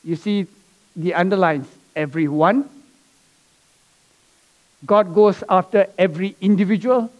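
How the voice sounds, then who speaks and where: A man's voice: high voice, measured pace, pauses often, highs cut off. A man pastor preaching a sermon to his church, telling a story and reading scripture with small laughs. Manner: preaching with asides and soft laughs. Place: church sanctuary.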